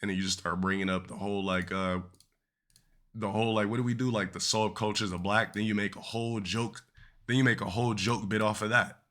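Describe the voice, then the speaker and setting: Male streamer, deep and bright-toned, casual profane monologue that wanders. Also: steady tone, fairly quick. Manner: rambling, profane, trails off mid-thought. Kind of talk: casual rant to chat.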